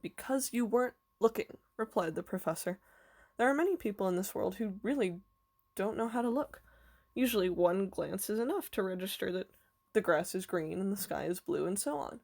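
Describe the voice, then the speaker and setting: A woman teacher reading a children's novel aloud to her class, her delivery clear and even. Her voice sits at an ordinary middle pitch. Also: fairly quick.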